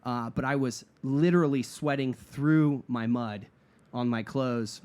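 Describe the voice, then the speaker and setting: A man guest telling a long, comic story in a relaxed podcast chat, acting out what people said and laughing along. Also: mid-range voice, a little slow, smooth. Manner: animated storyteller, acts out quotes, laughs at own story. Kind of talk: casual storytelling.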